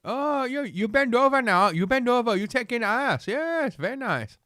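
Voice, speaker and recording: Man doing a high, sing-song mock official in broken English, crude and exaggerated. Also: very animated, moderate pace, pushed and bright, no room sound, studio quality, full character voice. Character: mocking caricature of a foreign official, broken English.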